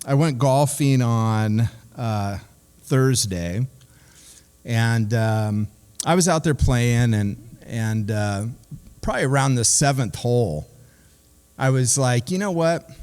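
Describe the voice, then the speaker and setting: Male pastor, casual storytelling sermon, mid-pitched voice, long hall reverb. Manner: conversational, animated when telling stories, many fillers. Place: church sanctuary.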